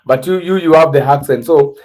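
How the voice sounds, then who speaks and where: A man with an East African accent hosting a casual livestream, teaching words slowly and spelling them out letter by letter. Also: on the high side, darkish tone, soft background music, poor audio. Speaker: livestream host.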